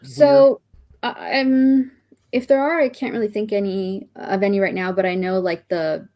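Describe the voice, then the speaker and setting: A woman from Canada talking casually, often pausing to search for words. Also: mid-range voice, steady tone, warm tone. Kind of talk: casual chat.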